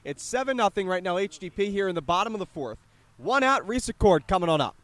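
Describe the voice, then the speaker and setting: A young man with a high, light voice calls a high school baseball game play by play. He lifts his voice on the big plays and chats loosely between pitches. He is recorded outdoors at the field. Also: animated, fast, fairly bright tone, no room sound. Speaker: play-by-play announcer.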